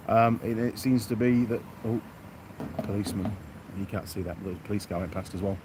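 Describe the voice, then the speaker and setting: A man's voice: fairly low pitch, flat delivery, brisk, background noise. A middle-aged man from York, England, hosting a casual outdoor live stream, chatting and reading out viewer comments by name in a self-deprecating way.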